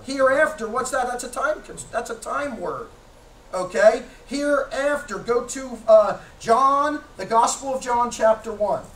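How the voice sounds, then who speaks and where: A man's voice: very high voice, unhurried, fairly bright tone, recorded from a distance. Man, pastor, emphatic sermon, rhetorical questions, echoey church, faint noise. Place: church sanctuary.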